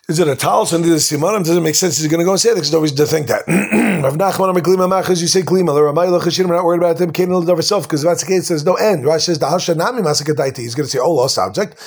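A man teaching a casual Talmud class, quickly translating the text line by line with asides. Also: on the high side, vocal fry, slightly rough.

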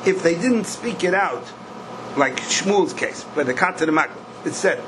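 Animated older man teaching Talmud. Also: fairly high pitch, normal speed, background noise. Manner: questioning singsong, bursts of emphasis, Yiddish-style Hebrew terms. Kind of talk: Talmud class lecture.

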